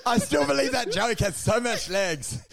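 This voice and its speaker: A man's voice: very high voice, wildly swooping pitch, moderate pace, gravelly, very noisy. A young Australian man co-hosting a comedy podcast, rambling and swearing through jokes with frequent laughter. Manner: rambling, laughing, profane riffing. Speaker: podcast co-host. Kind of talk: casual comedic chat.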